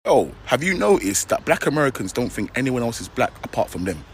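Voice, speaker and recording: English-accented man, husky, lively pitch, slangy storyteller. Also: fairly quick. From England. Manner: animated, slangy. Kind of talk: storytelling reaction.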